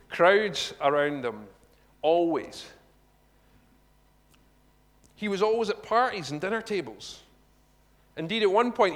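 A man giving a conversational sermon, animated and chatty, with asides to the congregation. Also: a little high. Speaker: preacher. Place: church hall. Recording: long reverb of a large hall.

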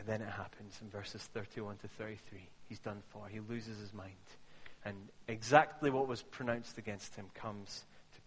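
Man preaching in a reverberant hall. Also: medium pitch. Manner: conversational preaching with jokes and rhetorical questions. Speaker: pastor. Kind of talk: sermon.

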